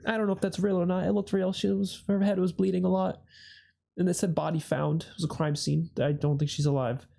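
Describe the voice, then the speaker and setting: A young man giving casual reaction commentary on a TV episode, excitable and swearing often, his voice jumping high on outbursts. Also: a little fast, creaky. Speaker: reaction video host.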